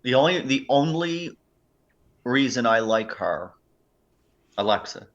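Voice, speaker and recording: A man's voice: medium pitch, expressive, slow. A male comedian guest chatting casually on a talk show, rambling with fillers. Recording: dull lo-fi sound.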